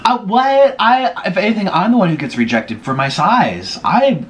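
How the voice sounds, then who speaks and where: A man's voice: high-pitched, very animated, normal speed, a bit bright, slight background noise. A young man vlogging casually, gossiping to his viewers while he eats. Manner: gossipy, chatty, eating while talking. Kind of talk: casual mukbang chat.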